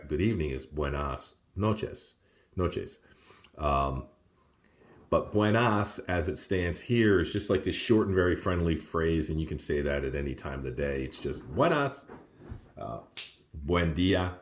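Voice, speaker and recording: A man with an extremely deep voice talks through his beginner study notes in a relaxed, self-recorded way. He laughs often and jumps up in pitch when he exclaims. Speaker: language learner sharing study notes. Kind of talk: casual self-recorded lesson.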